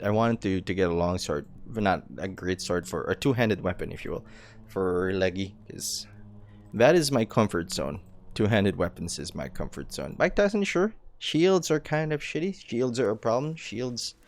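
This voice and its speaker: A man's voice: fairly low pitch, slight background noise. A tired young man hosting a let's play, rambling casually through tangents and swearing now and then, with faint music behind. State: tired, late night. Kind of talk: casual gameplay commentary.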